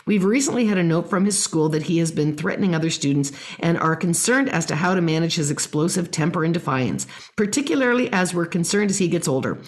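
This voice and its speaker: A woman's voice: on the low side, expressive, fast. A woman hosting a podcast, giving parenting advice and reading listener questions aloud. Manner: warm explanatory, reads listener emails aloud. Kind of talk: casual advice talk.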